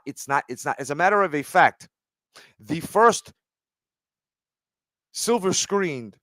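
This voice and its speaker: A man's voice: on the high side, no echo, studio quality. A man giving a heated, profane commentary rant, often asking "right?". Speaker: commentary streamer. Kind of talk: ranting commentary.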